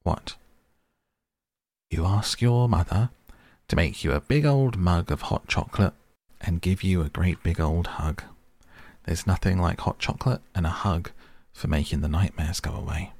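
A gruff, patronizing police officer, as a man puts him on, with a deep, reassuring voice and an amused tone. Gravelly and dry, close to the mic. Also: animated, slow pace, mellow, dry recording, exaggerated voice. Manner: amused, talking down to a child.

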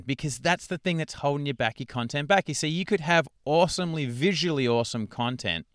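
A man talks through his podcast episode in an easy, conversational way, often checking in with the listener. His voice is smooth and resonant, and his tone is neither high nor low. It is recorded close and dry, with no room sound. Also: fairly bright tone, no echo. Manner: conversational, frequent "right?" check-ins. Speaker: coach and podcast host. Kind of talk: casual solo podcast talk.

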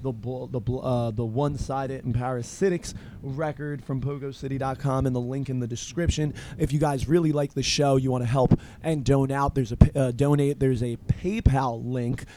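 A man's voice: medium pitch, steady tone, moderate pace, hardly any pauses, mellow, a little hiss or hum. A man hosting a casual podcast, telling profane stories with lots of laughter and acted-out quotes. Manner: profane, laughing storyteller who acts out quotes. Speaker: podcast host. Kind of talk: casual chat.

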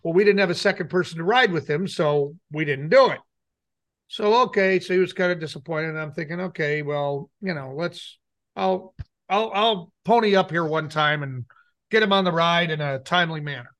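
Middle-aged man, light high voice, casual co-host who tells long anecdotes and plays out the dialogue himself. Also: normal speed, a bit bright. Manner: rambling anecdote with acted-out quotes. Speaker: radio show co-host. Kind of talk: casual storytelling chat.

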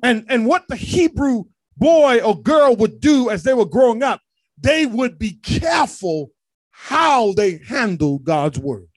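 A male pastor preaching a sermon, calling out to the congregation and rising to shouts. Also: extremely high pitch, very animated, unhurried, no room sound.

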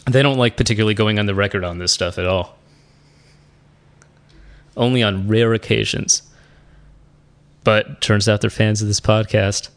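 A man hosting a podcast, talking casually and poking fun at himself, often trailing off and restarting. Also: fairly low pitch. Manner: chatty, self-deprecating, trails off and restarts. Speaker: podcast host. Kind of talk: casual podcast chat and solo wrap-up.

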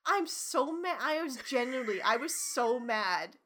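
A woman's voice: high-pitched, expressive, a little slow, bright, forceful tone, slight background noise. A woman co-hosting a podcast in casual chat, ranting animatedly with lots of swearing and laughter. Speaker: podcast co-host.

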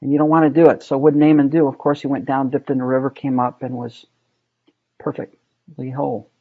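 A man's voice: mid-range voice, little pitch movement, a little fast, narrow, tinny audio. A man leading a casual Bible study, talking through the text conversationally and asking his group questions. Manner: conversational, asks the group questions, many ums and rights.

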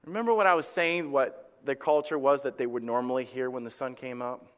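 A man preaching a sermon as pastor, with impassioned delivery that swings from hushed to loud and a habit of repeating his first words. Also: mid-range voice, fairly even intonation, a little fast, smooth, long reverb tail. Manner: repeats words when starting a phrase.

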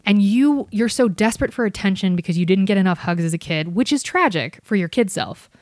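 A young woman on a podcast, telling a story in a casual, animated way, swearing and acting out the voices of other people. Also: medium pitch, brisk, dry recording, studio quality. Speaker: comedian and podcast guest.

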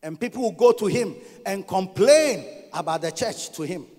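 A man preaching a sermon, swinging between loud emphatic bursts and quiet asides. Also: high-pitched, animated, moderate pace, long reverb tail. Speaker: pastor.

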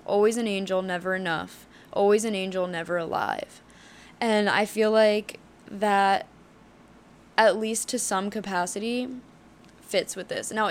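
A woman in her twenties hosting a solo podcast, talking candidly and heatedly, swearing often, with plenty of fillers. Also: medium pitch. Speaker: podcast host.

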